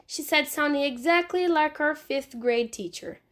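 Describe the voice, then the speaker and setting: A woman, a teacher, reading a children's novel aloud in clear, unhurried storytelling. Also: high-pitched, a bit bright.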